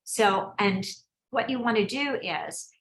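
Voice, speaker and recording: A woman coaching on a video call, talking quickly and chattily, often breaking off and restarting to encourage the people she is coaching. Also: medium pitch, animated, fairly bright tone, roomy sound, slight background noise, low-quality recording. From United States. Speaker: business coach hosting a mastermind call.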